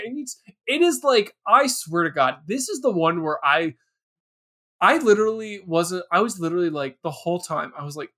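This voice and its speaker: A man's voice: high voice, sing-song, normal speed, fairly bright tone. A man co-hosting a podcast, riffing sarcastically on a movie with jokes and laughter. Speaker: podcast co-host. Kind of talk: casual movie recap chat.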